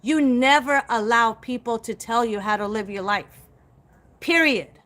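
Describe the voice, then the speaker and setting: Blunt, profane woman with a bright, high voice. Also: measured pace. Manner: blunt, profane, emphatic, addresses viewers directly. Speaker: psychic livestream host. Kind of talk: live stream rant to viewers.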